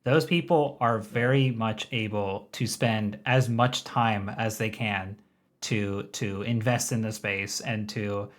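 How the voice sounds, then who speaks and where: Man, podcast host, casual chat, measured, somewhat low voice. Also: fairly even intonation.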